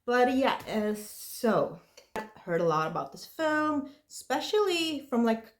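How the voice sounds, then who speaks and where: A woman's voice: fairly high pitch, animated, measured pace, slight background noise. A woman reviewing horror movies in a casual, rambling way, full of likes and you-knows.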